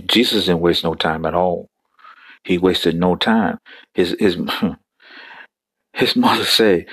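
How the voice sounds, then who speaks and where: A man's voice: sits low, slow, pauses often, fairly bright tone, breathy edge, dry recording. A male preacher delivering a fervent sermon, repeating phrases and breaking into exclamations.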